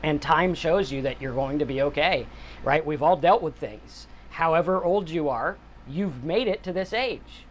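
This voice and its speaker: A man's voice: fairly high pitch, normal speed, slight background noise. Earnest, rambling man in his forties. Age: 40s. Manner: earnest and rambling, often asks "right?". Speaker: sobriety channel host. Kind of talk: casual reflective monologue.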